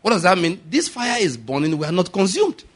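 A Nigerian-accented male preacher delivers a sermon in a slightly raised voice. He is animated, laughs often and keeps checking in with his congregation through rhetorical questions. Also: sits high, fairly quick.

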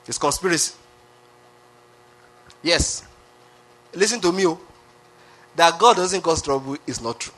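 A man's voice: fairly high pitch, a bit bright. A man preaching a sermon, emphatic, with lots of repetition and rhetorical questions. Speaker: pastor.

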